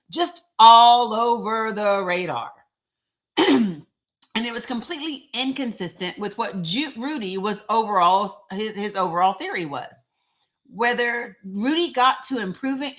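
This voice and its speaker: A woman hosting a casual live stream, chatting, reading viewer comments aloud and often laughing and clearing her throat. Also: on the high side, a bit bright. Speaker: livestream host.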